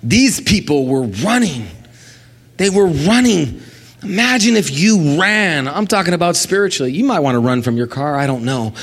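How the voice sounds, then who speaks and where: High-voiced, animated male preacher. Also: normal speed. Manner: animated, acts out quoted people, calls for responses. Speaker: guest preacher. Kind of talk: energetic sermon.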